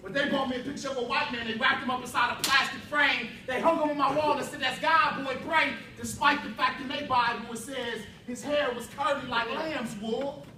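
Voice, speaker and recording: A man giving an impassioned spoken word performance at a youth summit, building rhythm through repetition and shouting at the peaks. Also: extremely high pitch, fairly even intonation, a little fast, a crowd in the background. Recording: echoey hall from far off with faint ambience.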